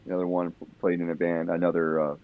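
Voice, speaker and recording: A man's voice: low-pitched, monotone, fast talker. A man telling a long story on a podcast in a casual, rambling way, swearing freely and full of fillers and restarts. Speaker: podcast guest. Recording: dull lo-fi sound.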